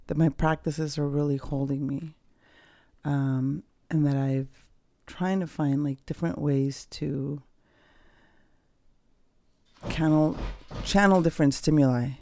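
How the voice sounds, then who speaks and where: A woman hosts her own podcast from home, speaking in a loose, candid and reflective monologue. Her voice has a gravelly, mellow texture, and she often trails off, restarts and fills pauses. The sound is close and dry. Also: low voice, no room sound. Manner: candid, rambling, with frequent fillers and restarts. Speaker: podcast host. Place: at home, dogs nearby.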